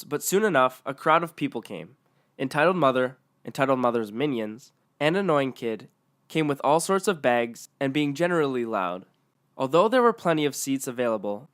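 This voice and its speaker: A man's voice: medium pitch, fairly bright tone. Matter-of-fact male story narrator. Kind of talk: reading online stories aloud.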